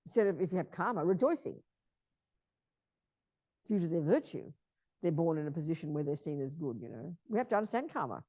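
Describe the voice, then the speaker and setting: A woman's voice: sits low, very animated, fairly quick, pauses often, mellow, dry recording. A woman teaching Buddhism in an emphatic way, repeating key phrases and often asking her listeners if they understand.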